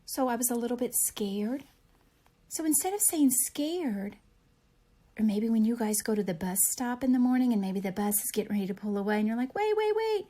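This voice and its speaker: Gentle teacher woman reading to kids. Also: fairly high pitch, brisk. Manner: gentle, animated storybook reading with questions to kids. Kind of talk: read-aloud reading lesson for young children.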